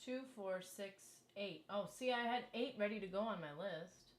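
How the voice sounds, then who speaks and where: A young adult woman hosting a casual gaming livestream, chatty and excitable, reading chat aloud and reacting. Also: medium pitch, normal speed, a little hiss or hum. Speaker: livestream host.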